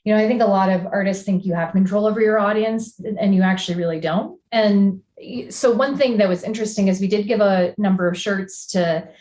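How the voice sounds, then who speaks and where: A woman artist guest on a podcast, talking through her ideas in a relaxed, reflective way. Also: mid-range voice, brisk, few pauses. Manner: reflective, talks through ideas with many fillers. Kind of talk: casual podcast conversation. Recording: echoey room.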